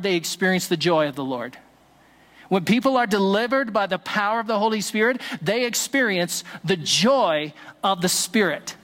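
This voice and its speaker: A man's voice: sits high, sharp tone. A man preaching a sermon as pastor, telling a story with quoted dialogue and occasional "uh" fillers. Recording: long hall reverb.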